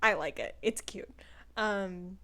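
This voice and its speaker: A woman's voice: medium pitch, slow pace, bright, forceful tone. A young woman in casual chat, reviewing a book in a rambling way with lots of fillers. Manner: chatty, rambling, full of "like" and "um" fillers.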